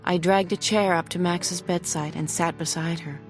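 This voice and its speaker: A woman reading a novel aloud in the first person, emotive, slowing and hushing for tense moments. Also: lowish voice, steady tone, faint music behind. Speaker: audiobook narrator.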